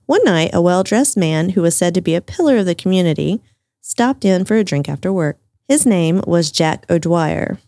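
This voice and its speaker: A woman co-hosts a podcast, telling local ghost stories with a low, mellow voice. She keeps it casual and laughs easily. Her voice is recorded close and dry, with no room sound. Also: animated, moderate pace, dry recording. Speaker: podcast co-host. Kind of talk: casual chat, storytelling.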